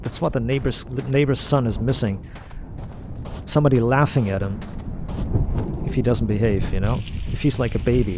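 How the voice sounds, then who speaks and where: A man's voice: medium pitch, steady tone, moderate pace, long pauses, background noise. A man rambling bluntly over a game playthrough, repeating and restarting his phrases as he goes. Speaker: gamer streaming a playthrough. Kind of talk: casual rambling commentary while playing.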